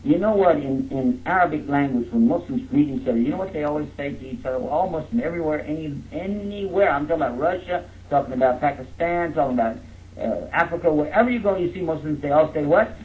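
A man's voice: on the high side, expressive, fast talker, a little hiss or hum. A man from Texas, giving a jokey, interactive lecture and coaxing his audience to repeat words after him. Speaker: speaker teaching a live audience. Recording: narrow phone-like lo-fi sound.

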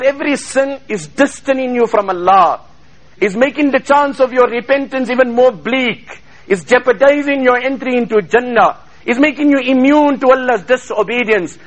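A man preaching a fervent sermon to a congregation, quoting Arabic in rapid chanted bursts. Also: extremely high pitch, fairly bright tone, poor audio. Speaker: Islamic preacher.

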